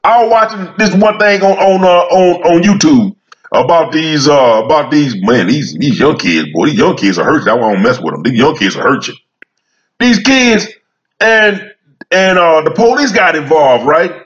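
A man's voice: on the high side, lively intonation, normal speed, lo-fi sound. A man talking casually in a rambling storytelling monologue, repeating phrases as he goes.

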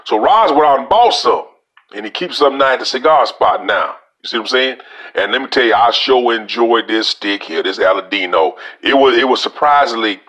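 A man's voice: fairly low pitch, a bit bright. A man with a Louisiana accent giving a casual cigar review, talking folksy and straight to his viewers as y'all.

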